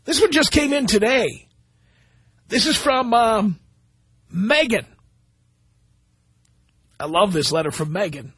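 A man's voice: sits high, expressive, takes it slowly, pauses often, a bit bright, husky, dry recording. A man hosting a talk radio show, sarcastically mocking listener mail and spelling out its errors letter by letter. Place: radio studio.

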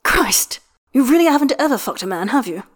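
A woman's voice: high-pitched, big pitch swings, fairly quick. Lady reading as a bossy teasing ex-olympian guy coach, dry and blunt.

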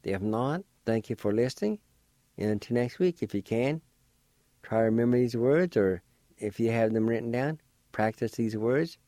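A man teaching a radio language lesson, spelling out and sounding each word slowly and carefully, in a patient, encouraging way. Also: mid-range voice, expressive, dark tone, dry recording.

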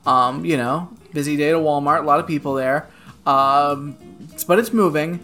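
A mid-range voice at normal speed tells a rant story as a podcast co-host in laid-back conversation. Expect frequent profanity, a steady stream of "like," and lively energy, all over faint guitar music.

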